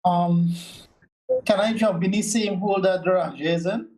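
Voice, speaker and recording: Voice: mid-range voice, normal speed, background noise. A player in a tabletop game, talking casually and hesitantly, often repeating words.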